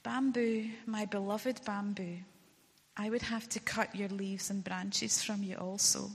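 A woman voicing a grave, loving male master of a garden in a told folk tale, speaking quietly and slowly in a slightly breathy voice. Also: sits high, fairly even intonation, full character voice. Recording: long hall reverb.

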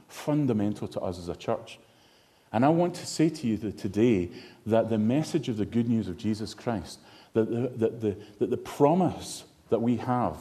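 Preacher with a mellow voice. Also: male voice, medium pitch. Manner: emotional, storytelling, rising to passionate emphasis. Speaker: pastor. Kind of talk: sermon.

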